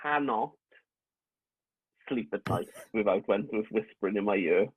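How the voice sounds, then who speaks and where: A man's voice: fairly low pitch, expressive, measured pace, slight background noise. A man hosting a casual chat over a video call, teasing and a little hesitant. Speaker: host. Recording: tinny, dry phone-like line.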